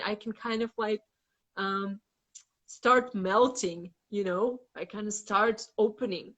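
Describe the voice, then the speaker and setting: A woman's voice: medium pitch, takes it slowly, a bit bright. A woman guest in a casual spiritual chat, talking frankly with lots of "like" fillers and some swearing. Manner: rambling with many "like" fillers, frank and blunt with swearing; acts out inner voices dramatically. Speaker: guest facilitator.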